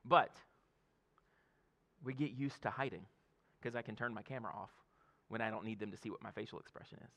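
A man's voice: lowish voice, brisk, pauses often, bright, forceful tone. A man in his thirties, a pastor, giving a conversational sermon with laughs and frequent "okay?" check-ins to the congregation.

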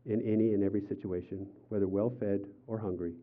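An older male pastor delivers a sermon, swinging from loud, acted-out quotes to quiet, earnest appeals. The sound is thin and tinny, like a phone line. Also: lowish voice, fairly quick. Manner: animated storytelling, acts out quotes with raised voice. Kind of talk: sermon with personal stories.

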